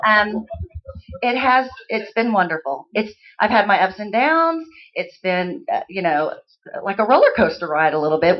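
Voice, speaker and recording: A woman from Texas, an auctioneering student who chats about herself and then calls bids in a quick rising chant. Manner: rapid chant of bids, rising high and loud. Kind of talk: live auction calling. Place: auction hall, live audience. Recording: dull lo-fi sound.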